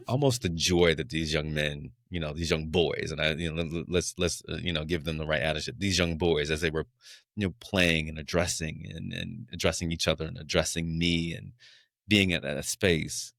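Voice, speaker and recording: Deep-voiced man, halting and reflective. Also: steady tone, creaky, fairly bright tone, no room sound, studio quality. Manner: halting, reflective, many fillers. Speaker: podcast host. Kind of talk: interview conversation.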